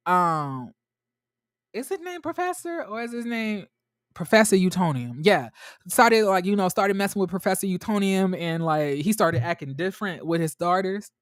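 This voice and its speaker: A man reviewing a TV episode for his viewers in a chatty, animated way, talking straight to them and often restarting his sentences. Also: sits high, moderate pace, dry recording, clean studio sound. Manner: restarts and trails off a lot. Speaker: TV show reviewer. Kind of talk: casual episode recap to viewers.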